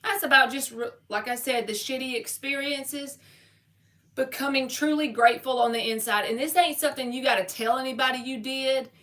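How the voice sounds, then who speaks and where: A woman's voice: high voice, steady tone, moderate pace, a bit bright. A woman giving a live-stream tarot reading, talking casually and straight to her viewers in slangy everyday speech. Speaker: tarot reader.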